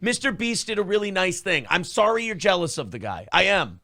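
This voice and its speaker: A man's voice: high voice, sing-song, a little fast, pushed and bright. A man co-hosting a talk show, ranting with profane sarcasm and mocking others in exaggerated voices. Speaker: radio show co-host.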